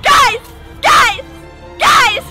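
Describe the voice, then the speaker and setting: A woman voicing a frantic high-voiced woman left behind by her friends, shouting shrilly and desperately over a clip with music behind. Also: animated, very slow, full character voice.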